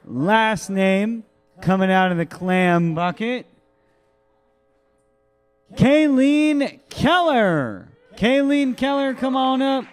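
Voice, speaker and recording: A man acting as emcee at a live comedy show, briskly calling up comics and explaining the time rules. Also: sits high, animated, faint music behind. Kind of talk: introducing comics. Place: live comedy club stage.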